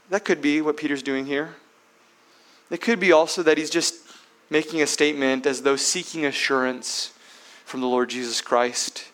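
A man's voice: on the high side, steady tone, moderate pace, pauses often, a bit bright. A man preaching a sermon as pastor who keeps asking his listeners rhetorical questions, often ending with tag questions.

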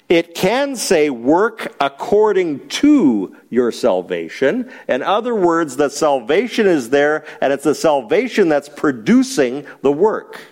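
Lively, animated male Bible teacher. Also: a little high, slow, hardly any pauses. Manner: explanatory, emphatic, asks the class questions.

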